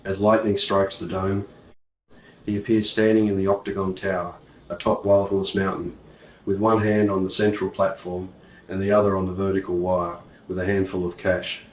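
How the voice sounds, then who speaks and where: A man reading an audiobook in a slow, measured way. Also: deep voice, little pitch movement, roomy sound, recorded from a distance, slight background noise, poor audio. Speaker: audiobook narrator. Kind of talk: scripted narration.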